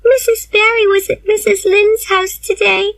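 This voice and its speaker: A woman reading a graded storybook aloud and voicing an excitable, earnest young orphan girl with high, heartfelt pleading. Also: moderate pace, vocal fry, dry recording, exaggerated voice, poor audio. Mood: upset. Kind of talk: graded reader narration.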